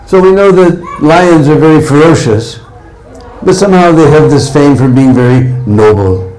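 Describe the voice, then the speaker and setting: A man's voice: on the high side, normal speed, a little mellow, soft background music. Male preacher telling stories in an echoey hall. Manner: tags lines with "hmm?" and "huh?". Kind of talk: devotional storytelling sermon.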